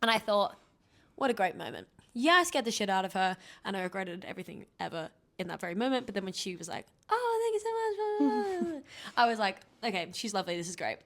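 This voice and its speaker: A young woman co-hosting a podcast, telling stories in a lively, animated way and laughing often. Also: medium pitch, fast talker, creaky. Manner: animated storytelling, laughs a lot. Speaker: podcast co-host. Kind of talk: casual chat.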